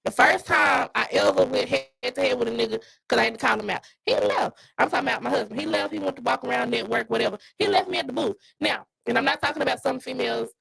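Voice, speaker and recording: A woman co-hosting a podcast, telling a story in a blunt, animated, profane way. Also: fairly high pitch, quick pace, creaky, hardly any pauses, breathy edge, rough recording. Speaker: podcast co-host and dog breeder. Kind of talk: casual storytelling.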